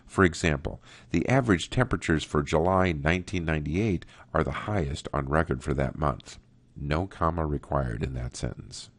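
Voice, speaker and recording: A man teaching a writing workshop, reading example sentences aloud in a slow, deliberate way. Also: very deep voice, dry recording. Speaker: writing instructor. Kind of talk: recorded grammar lesson.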